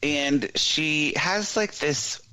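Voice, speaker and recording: A man co-hosting a podcast, retelling a movie plot in a casual, animated way. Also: a little high, extremely slow, clean tone, no echo, poor audio. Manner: animated storytelling with put-on voices for characters. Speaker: podcast co-host. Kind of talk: casual chat, plot recap.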